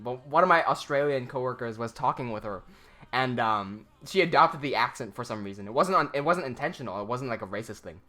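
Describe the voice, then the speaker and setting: Bright-voiced rambling livestream host. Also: male voice, mid-range voice. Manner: rambling, laughs often, many fillers and restarts. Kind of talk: casual livestream chat reading viewer comments.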